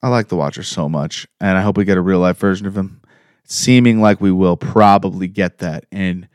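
A young man co-hosting a podcast, chatting casually and excitably about a movie, rambling and laughing often. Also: deep voice, moderate pace, smooth, no room sound, studio quality. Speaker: podcast co-host. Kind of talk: casual fan chat reviewing a movie.

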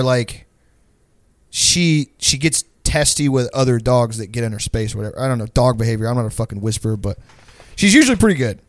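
A man's voice: medium pitch, no echo. A young man telling stories in a casual chat, rambling and profane, full of "like" and slang. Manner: rambling, profane storytelling with lots of "like". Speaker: podcast co-host.

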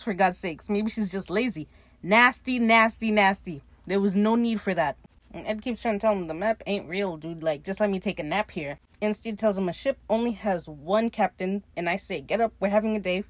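A woman's voice: mid-range voice, no room sound. A woman casually recapping a TV episode, animatedly acting out the characters' lines as she retells each scene. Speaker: podcast recap host.

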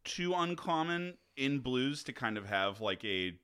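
A man's voice: medium pitch, sing-song, a little slow, pushed and bright, clean tone. A man co-hosting a casual podcast, speaking hesitantly and filling his talk with "like". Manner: hesitant, full of fillers. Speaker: podcast co-host.

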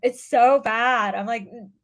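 A woman with a slightly high voice chatting casually. She rants fast and jokes with plenty of swearing. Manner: fast, profane, joking rants. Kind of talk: casual chat.

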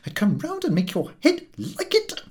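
A man voicing a florid, indignant mother who scolds in a shrill voice that keeps rising. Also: sing-song, normal speed, a little mellow. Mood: threatening.

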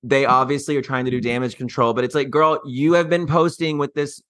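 A man from Mississippi co-hosting a podcast, chatting in a snarky, animated way. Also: mid-range voice, brisk, no echo, clean studio sound. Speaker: podcast co-host. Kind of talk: casual chat.

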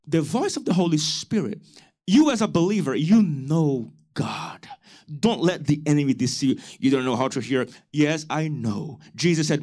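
A man preaching a church sermon, building to loud, emphatic calls to the congregation. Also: on the high side, expressive, normal speed. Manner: preaching with rising shouted emphasis and call-and-response. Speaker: pastor.

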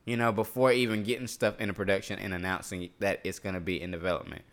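A man's voice: on the low side, flat delivery, quick pace, fairly bright tone. A man co-hosting a casual podcast chat, joking, swearing and laughing often. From North Carolina. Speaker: podcast co-host.

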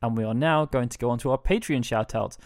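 A man co-hosting a gaming podcast in casual, jokey chat, reading announcements briskly. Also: mid-range voice, a little mellow, dry recording, clean studio sound. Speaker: podcast co-host.

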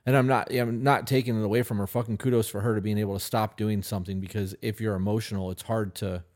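A man co-hosting a podcast, blunt and casually swearing in relaxed advice chat. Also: on the low side, fast talker. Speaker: podcast co-host.

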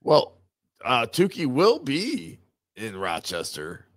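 A man's voice: mid-range voice, huge pitch swings, slow pace, no echo. A man co-hosting a casual live show, laid-back and laughing along. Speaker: co-host.

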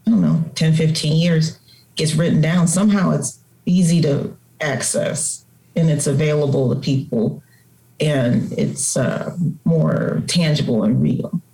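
Low gravelly woman guest. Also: measured pace, poor audio. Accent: Chicago. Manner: animated storyteller, colloquial. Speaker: guest, writer and radio host. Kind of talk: casual interview conversation.

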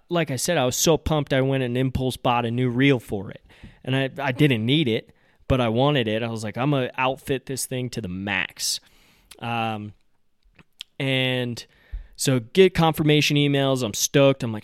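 A fishing guide hosting his podcast, telling a casual story and acting out his own excited and let-down reactions. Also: medium pitch, normal speed, clean tone, no echo, studio quality. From Colorado.

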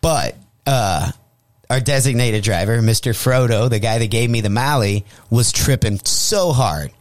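A man's voice: medium pitch, unhurried, no room sound. A male comedian telling a profane comic story as a guest, acting out the voices he quotes. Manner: animated, acts out quoted voices. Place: radio studio.

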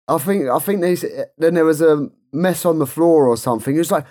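A lively man chats on a podcast, his voice swinging widely up and down as he tells a story. He gets loud and excitable and laughs often. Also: a little high, normal speed, few pauses. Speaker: podcast co-host. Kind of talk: casual podcast chat.

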